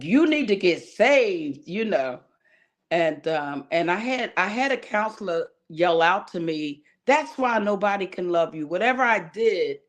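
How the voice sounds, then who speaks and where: Woman guest sharing a heartfelt testimony, earnest and close to tears, lots of fillers. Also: lowish voice. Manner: earnest, emotional storytelling with many fillers. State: near tears. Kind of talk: personal testimony in a talk show.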